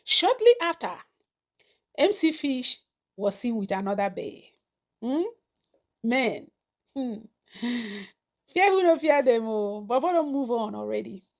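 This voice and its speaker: A woman's voice: a little high, sing-song, slow pace, pauses often. A woman hosting a celebrity gossip show, chatty with conversational asides.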